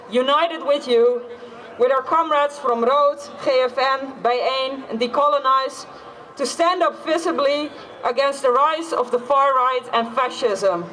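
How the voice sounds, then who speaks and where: A woman giving a steady, declamatory speech as an activist at an outdoor rally. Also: sits high. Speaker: activist speaker. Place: outdoor city square rally.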